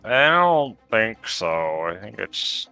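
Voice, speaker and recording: A man playing in a tabletop game, calling out his dice rolls in an unhurried way. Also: fairly low pitch, sing-song, pushed and bright, clean tone, faint music behind. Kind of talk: casual game chat.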